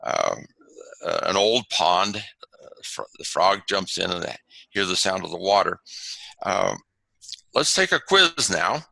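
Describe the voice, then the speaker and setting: A man presenting a lesson over a video call, teaching from slides and pausing often with fillers and restarts. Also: deep voice, expressive, creaky, pushed and bright, dry recording, poor audio. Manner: halting, many fillers and restarts. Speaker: webinar presenter on haiku.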